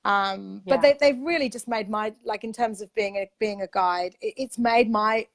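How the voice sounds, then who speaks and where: A woman speaks as an interview guest about her work as a spiritual guide. She sounds earnest and emphatic, often restarting her sentences, and her voice sits in a middling pitch. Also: normal speed. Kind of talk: casual conversational interview.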